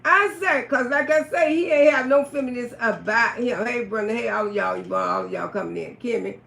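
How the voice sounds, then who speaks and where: Brief: gravelly woman storyteller on a live stream, salty and lively, roomy echo. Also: fairly high pitch, fairly quick. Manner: animated, profane, greets viewers by name. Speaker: livestream storyteller. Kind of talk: casual storytelling livestream.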